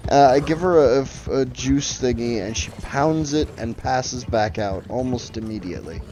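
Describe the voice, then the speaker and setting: A man's voice: mid-range voice, normal speed, noisy background. Profane rambling male game streamer. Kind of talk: casual gaming chat.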